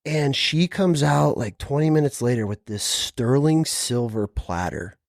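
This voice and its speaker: A man's voice: mid-range voice, a little slow, vocal fry, dry recording, clean studio sound. Laid-back man telling war stories. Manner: relaxed storytelling, swearing, acts out quoted voices. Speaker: podcast host. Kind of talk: casual interview chat.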